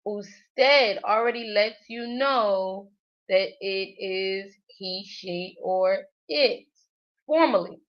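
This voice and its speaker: A woman's voice: mid-range voice, very slow, lo-fi sound. A woman livestreaming her language study, thinking aloud hesitantly with many fillers. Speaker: language learner.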